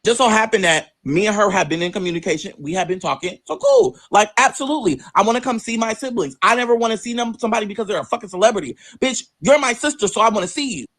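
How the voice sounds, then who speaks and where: A man spins a personal story with lots of swearing and sudden leaps into high, mocking voices for the people he quotes. His everyday voice sits a bit high for a man. The sound is dry and close, with no room echo. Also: rapid-fire, few pauses. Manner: animated, profane, acts out quoted voices with big pitch jumps. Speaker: vlogger telling a personal story. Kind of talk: casual storytelling monologue.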